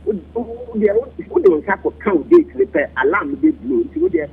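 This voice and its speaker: A man with a Ghanaian accent, speaking as a commentator in a heated radio talk discussion, switching between languages with wide swings in pitch. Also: wildly swooping pitch, fairly quick, gravelly. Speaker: political commentator. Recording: lo-fi radio broadcast.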